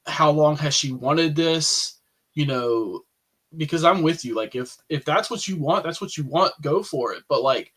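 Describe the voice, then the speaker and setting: Relaxed, chatty man on a podcast. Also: a little high, unhurried, breathy edge. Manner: relaxed and conversational, lots of "like". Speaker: podcast co-host. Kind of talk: casual chat.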